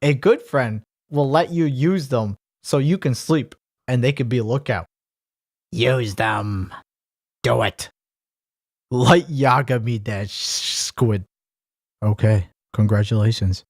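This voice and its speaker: A comedy vlogger delivers a mock-instructional comedy monologue at a slow pace in a medium-pitched voice. He is sarcastic and deadpan at times and stammers over repeated words before bursting into animation.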